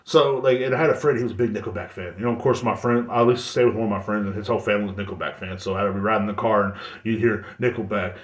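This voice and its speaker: A man's voice: on the low side, steady tone, racing, few pauses. A man in his thirties hosting a podcast, rambling in casual chat and swearing a lot. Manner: rambling and heavily profane. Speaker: podcast host. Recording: roomy echo.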